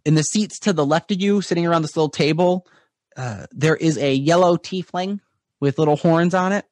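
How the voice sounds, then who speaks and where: A man narrating as game master of a tabletop game, rambling with many pauses. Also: on the high side, dry recording, studio quality.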